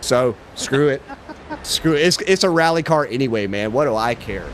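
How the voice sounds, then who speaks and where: A man's voice: medium pitch, expressive, normal speed, slight background noise. A man livestreaming a game, chatting casually in a laid-back, slangy way with lots of swearing. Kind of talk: casual chat while gaming.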